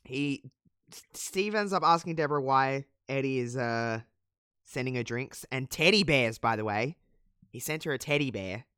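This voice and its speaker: A man's voice: mid-range voice, expressive, normal speed, bright, forceful tone, clear, resonant tone, dry recording, clean studio sound. A man casually recapping a wrestling show as a podcast co-host, chatty and profane, with lots of fillers. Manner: chatty, profane, many fillers, laughs at own jokes. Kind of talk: casual chat.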